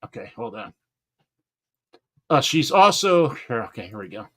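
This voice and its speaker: A man hosting a gardening live stream in casual chat, excitable, laughing often and stumbling over names. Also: medium pitch, measured pace.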